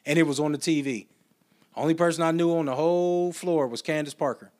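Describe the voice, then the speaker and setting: Chatty man with a slightly high voice. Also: brisk, darkish tone. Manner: loose, chatty storytelling with slang and asides. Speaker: podcast host. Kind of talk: casual solo podcast monologue.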